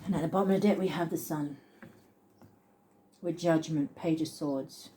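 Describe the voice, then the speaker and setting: A woman giving a casual tarot reading on her channel, thinking aloud and chuckling as she reads card texts slowly. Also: low-pitched, dark tone, slight background noise. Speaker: tarot reader.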